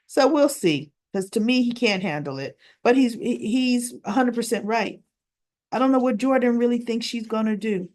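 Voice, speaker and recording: A woman's voice: on the high side, moderate pace, darkish tone. A woman casually recapping a soap opera episode, retelling the scenes line by line with lots of "she goes" and "right?".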